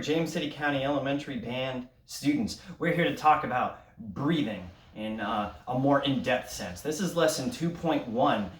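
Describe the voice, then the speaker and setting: A man teaching an elementary band lesson, leading breathing drills and counting aloud in an upbeat coaching way. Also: medium pitch. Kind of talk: recorded online music lesson. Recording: roomy sound from a distance.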